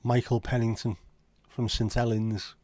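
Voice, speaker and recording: A man's voice: medium pitch, little pitch movement, unhurried, a little mellow, no echo. A man with a Liverpool accent hosting a casual livestream chat, rambling and opinionated with frequent swearing. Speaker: livestream host.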